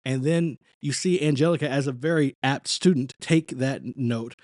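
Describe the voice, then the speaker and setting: A man hosting a reaction channel talks over a singing lesson clip in an easy, thinking-aloud manner. His voice sits at an ordinary middle pitch and is recorded close and dry, with no room around it. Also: normal speed, a little mellow, no room sound. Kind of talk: commentary on a vocal lesson video.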